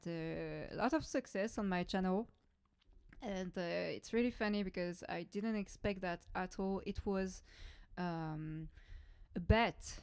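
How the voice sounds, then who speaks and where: A woman with a French accent chats casually on a live stream, hesitating often as she looks for the right English words. Her delivery is slow and unhurried. Her voice is smooth and crisp, with no room echo. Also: on the low side, a little mellow, studio quality. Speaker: drummer hosting a live lesson.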